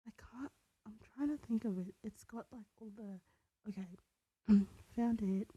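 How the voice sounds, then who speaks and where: A young woman co-hosting a podcast in casual chat, rambling as she searches for details, often dropping into breathy asides. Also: on the high side, a little slow, dark tone, dry recording, lo-fi sound. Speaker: podcast co-host.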